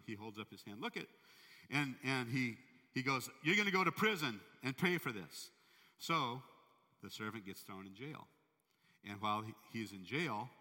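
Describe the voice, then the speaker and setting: A man preaching a sermon, telling a story in a conversational, animated way. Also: lowish voice, long reverb tail. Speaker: pastor.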